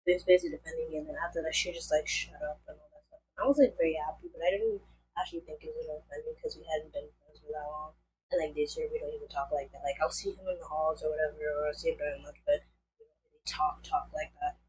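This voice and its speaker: A young woman tells a story to her camera in a loose, rambling way, packing her sentences with fillers. Her voice sits low for a woman. A faint hum runs under the recording. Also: fairly even intonation, quick pace, a little mellow, low-quality recording. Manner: rambling, many fillers like "like" and "and all that stuff". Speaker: vlogger. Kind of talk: casual storytime.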